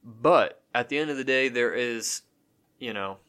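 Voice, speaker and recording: A man's voice: medium pitch, a little slow, pushed and bright, smooth. A man co-hosting a casual podcast, talking in a rambling way with many restarts and fillers. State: has the hiccups. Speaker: podcast co-host.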